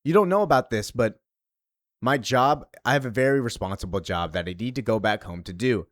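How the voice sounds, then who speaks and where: A man's voice: mid-range voice, lively intonation, a little fast, dry recording, natural voice. Male reader doing a young superheroine, earnest and lecturing, dry recording.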